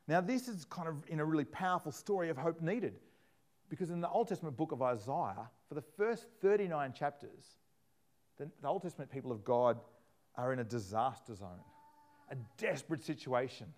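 A man preaching a sermon, animated, acting out scripture in different voices. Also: a little high, normal speed.

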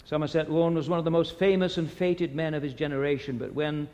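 Male preacher, high-pitched, asks rhetorical questions, recorded with long hall reverb. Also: steady tone, fast, mellow. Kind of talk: sermon.

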